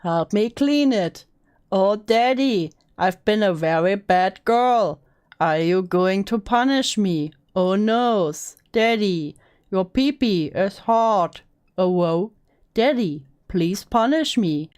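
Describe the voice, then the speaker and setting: A woman voicing a simpering, childish uwu girl with exaggerated cutesy baby talk and drawn-out whimpers, as a mocking dramatic reading. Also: medium pitch, animated, darkish tone, smooth. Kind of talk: mock dramatic reading of comments.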